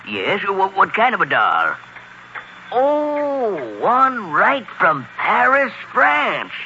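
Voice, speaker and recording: Hearty old Santa, lively, bright-toned, 1940s radio. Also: male voice, high-pitched, drawn-out words, dull audio, heavily acted. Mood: jolly. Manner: hearty, chuckling. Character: jolly, kindly old Santa Claus. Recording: old radio recording, faint hiss.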